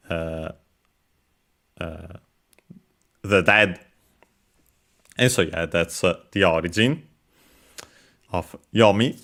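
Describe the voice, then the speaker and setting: A man's voice: low-pitched, a bit bright. A man explaining Japanese vocabulary while playing a game, methodical and hesitant, with many filler sounds. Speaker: language teacher.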